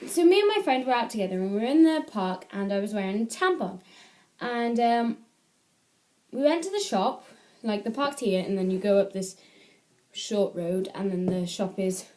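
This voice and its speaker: A woman's voice: mid-range voice, expressive, normal speed, darkish tone. A teenage girl from the UK chatting casually into an iPad camera at home, rambling and correcting herself as she gives advice. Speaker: vlogger.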